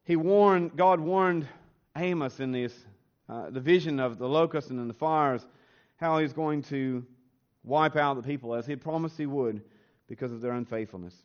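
A man preaching a sermon as a pastor, earnest, his voice rising in pitch and force on emphatic lines. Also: normal speed. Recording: slightly dull, lo-fi sound.

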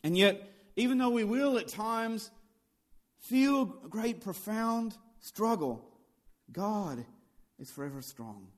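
A male pastor preaching a sermon, swinging between loud and hushed lines and building on repeated phrases. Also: sits high, lively intonation, slow.

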